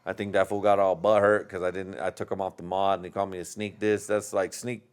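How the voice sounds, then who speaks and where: A man's voice: sits low, flat delivery, fast talker, clean tone. A man hosting a casual podcast, telling stories in a rambling, profane way with bursts of laughter, a little tipsy from drinking. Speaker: podcast host.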